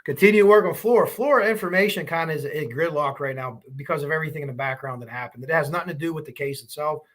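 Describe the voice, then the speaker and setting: Male livestream host, slightly high voice, bright and forceful, loose rambling chat. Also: racing. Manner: rambling, chatty, reacts to comments as he goes. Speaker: true crime livestream host. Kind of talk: casual livestream chat reading viewer comments.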